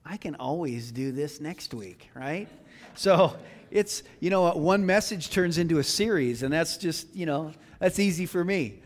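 Chatty male pastor, light and joking, slightly high voice, preaching in a reverberant church. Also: lively intonation, a little slow. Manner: chatty and joking, many fillers and restarts. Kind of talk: casual conversational sermon. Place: church sanctuary.

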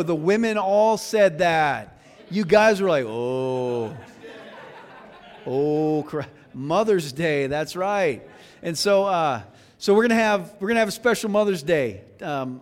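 A male pastor preaching a casual, conversational sermon in a church, chatty and joking, with lots of fillers and restarts. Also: sits high. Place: church sanctuary. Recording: long church reverb.

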